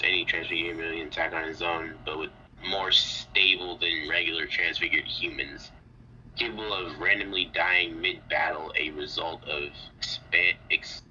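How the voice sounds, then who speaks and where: A young man recapping a story in a rambling, halting, mumbly way. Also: low voice, bright, forceful tone. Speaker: co-host. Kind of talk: casual fan recap. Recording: dull lo-fi mic with faint hiss.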